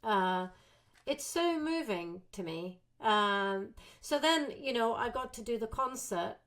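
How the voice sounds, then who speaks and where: Woman telling a lively anecdote as a guest. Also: on the high side, slow. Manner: animated, acts out quotes of herself and others. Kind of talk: casual interview storytelling.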